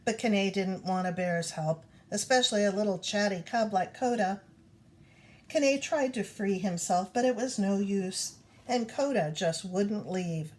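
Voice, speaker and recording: A woman reading a children's storybook aloud in an expressive storytelling manner. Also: medium pitch, unhurried. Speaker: reader.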